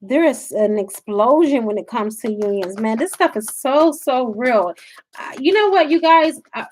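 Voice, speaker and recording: A woman's voice: on the high side, animated, normal speed, darkish tone, slight background noise. A woman giving a live spiritual reading, talking to her viewers in an emphatic, preachy way. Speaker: spiritual reader.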